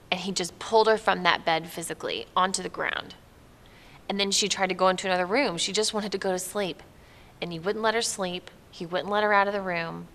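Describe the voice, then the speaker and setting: A woman narrates a documentary in a measured, explanatory tone. Her voice sits low, with a crisp, bright edge and a gravelly grain. A long reverb trails behind her, as if she were recorded in a large hall.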